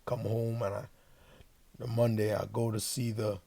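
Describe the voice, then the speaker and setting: A man's voice: lowish voice, little pitch movement, normal speed, creaky, warm tone. A man from Trinidad and Tobago, a guest giving an earnest personal testimony and acting out what he once said. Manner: earnest storytelling, acts out his own past words. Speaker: interview guest.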